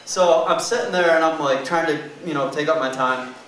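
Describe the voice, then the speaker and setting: A man's voice: a little high, brisk, fairly bright tone. A young man doing a stand-up comedy set in a small club, with a loose, rambling delivery full of fillers. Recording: echoey club room, mic far off, faint noise.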